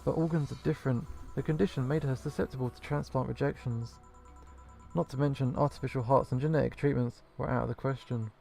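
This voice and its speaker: A man reading as a grieving, guarded woman from a video game, measured and plain. The voice is mellow and gravelly, over faint game music. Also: mid-range voice, steady tone, natural voice. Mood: subdued. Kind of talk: reading game dialogue aloud.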